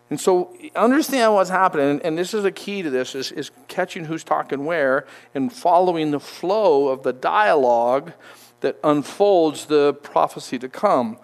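A man giving a conversational sermon, reading verses aloud and explaining them with frequent restarts. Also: fairly high pitch. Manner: conversational, halting, with restarts while reading scripture. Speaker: Bible teacher.

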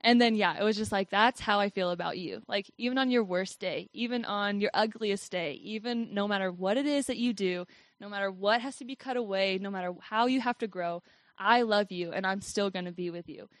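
A woman's voice: mid-range voice, fairly quick, no echo. A young woman telling a personal faith story in a chatty way, saying "like" often and laughing as she goes. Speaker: speaker sharing a faith testimony.

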